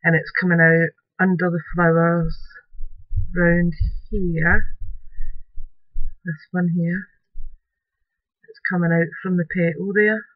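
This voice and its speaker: A woman's voice: fairly low pitch, flat delivery, takes it slowly, long pauses, no echo, phone-quality sound. A woman hosting a casual craft tutorial, chatting in a homely way as she shows and describes her finished piece.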